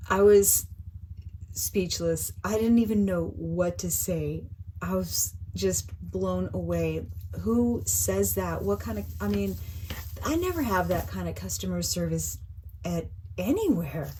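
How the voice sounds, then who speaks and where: A middle-aged woman, chatting excitedly through a craft shopping haul in a casual, gushing way. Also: on the low side, measured pace, a little hiss or hum, low-quality recording. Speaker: craft vlogger.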